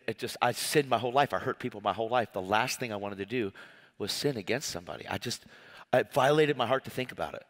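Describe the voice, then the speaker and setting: Man preaching in an echoing hall. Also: fairly low pitch. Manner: animated, emotional storytelling with many restarts. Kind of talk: personal testimony sermon. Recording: long hall reverb.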